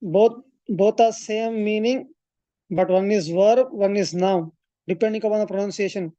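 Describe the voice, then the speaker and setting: Woman, maths tutor, mellow voice, dry close sound, talks through steps with fillers. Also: medium pitch, normal speed, no echo, muffled recording. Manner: explains step by step, thinks aloud with fillers and self-corrections. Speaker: maths coaching teacher. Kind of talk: classroom lecture at a board.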